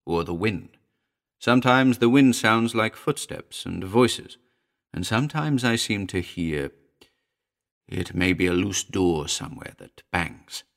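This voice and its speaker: A man's voice: on the low side, expressive, a little slow, creaky. A man voicing a nervous middle-aged housekeeper who speaks jerkily and reluctantly in a ghost story reading. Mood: fearful. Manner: jerky, uneasy, pleading.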